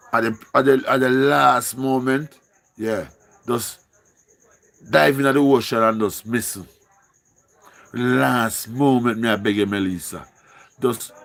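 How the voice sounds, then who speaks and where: A man's voice: mid-range voice, gravelly. A man with a Jamaican accent hosting a casual live stream, pleading and repeating himself in singsong calls.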